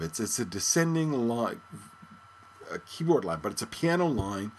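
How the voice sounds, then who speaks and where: A man's voice: mid-range voice, big pitch swings, normal speed, slight background noise. A man hosting a podcast, thinking aloud in casual music commentary. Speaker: podcast host.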